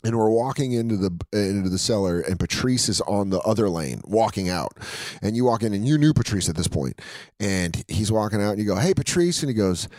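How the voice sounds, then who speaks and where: A man in his thirties, a comedian in casual chat, telling stories animatedly and jumping up high when he quotes people. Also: brisk, no echo. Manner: animated storytelling, jumps up high for quoted voices. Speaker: comedian, podcast host.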